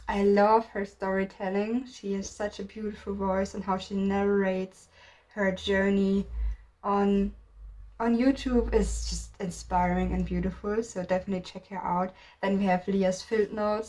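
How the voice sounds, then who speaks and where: A woman's voice: medium pitch, darkish tone. A woman from Germany talking casually to camera in a vlog, rambling, often restarting sentences and stopping to search for words. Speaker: video creator.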